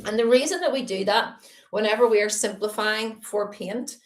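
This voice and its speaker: A woman's voice: medium pitch, moderate pace. A woman teaching a live-streamed painting lesson, chatty and upbeat as she greets viewers between steps. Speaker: art teacher. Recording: roomy echo.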